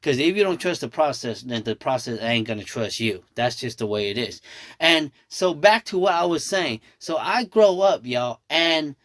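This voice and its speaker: A fairly high-voiced man, a nail artist whose first language is Thai, talks viewers through a tutorial in a chatty, animated way, calling them y'all. His voice is close and dry, with no room sound around it. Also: normal speed, no room sound. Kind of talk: casual storytelling tutorial.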